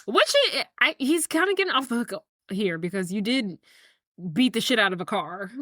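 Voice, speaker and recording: A woman's voice: on the high side, lively intonation, moderate pace, sharp tone, no echo, studio quality. A woman podcast co-host retelling a movie scene in casual chat, acting out the characters' lines.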